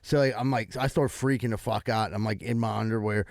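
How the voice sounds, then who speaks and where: A man's voice: on the low side, steady tone, brisk, vocal fry, a little mellow, no echo, studio quality. A young man co-hosting a podcast, telling a laid-back story in casual chat and swearing as he goes. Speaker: podcast co-host.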